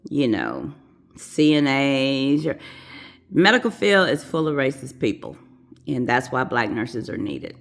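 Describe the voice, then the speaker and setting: A woman's voice: rumbling low, gravelly. A woman who works as a nurse, casually telling a personal story to her viewers and acting out the voices of the people in it. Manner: animated, acts out quoted voices.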